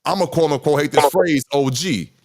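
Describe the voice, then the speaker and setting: A man's voice: on the high side, moderate pace. Candid rambling man in his fifties. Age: 50s. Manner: candid, rambling, repeats himself and swears. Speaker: podcast host. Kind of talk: casual chat.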